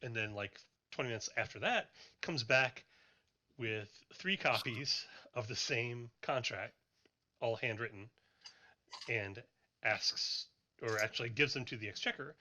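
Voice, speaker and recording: A man runs a tabletop game as game master, narrating in a rambling way and stumbling over his words. His voice is bright and sharp with a lively, swinging pitch. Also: a little slow. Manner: rambling, self-correcting.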